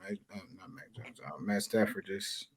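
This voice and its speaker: A man co-hosting a sports podcast, talking football stats in a relaxed way and saying bro often. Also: on the low side, normal speed, over a noisy crowd. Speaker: podcast co-host. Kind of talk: casual sports debate.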